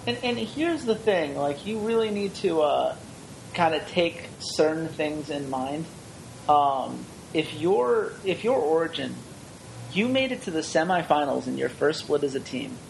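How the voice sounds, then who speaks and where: A man co-hosting an esports podcast, chatting casually with quick, wry jokes. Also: on the high side, big pitch swings, gravelly, a little hiss or hum, rough recording.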